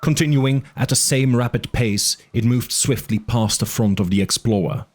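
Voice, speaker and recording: A man narrating an audiobook with an expressive, dramatic reading. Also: medium pitch, moderate pace.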